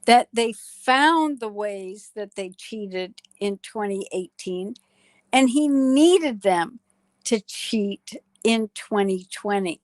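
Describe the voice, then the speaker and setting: A woman, a psychologist guest on a talk show, speaking in a slow, deliberate way with emphatic pauses. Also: medium pitch, animated, no room sound. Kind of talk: political talk show conversation.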